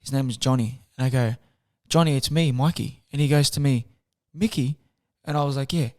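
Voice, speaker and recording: A young man speaks in a soft, unassuming way. He tells his story in a casual interview, throwing in slang and quick impressions of the people around him. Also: medium pitch, fairly even intonation. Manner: soft-spoken, chatty, acts out quotes with slang. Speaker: guest, boxer.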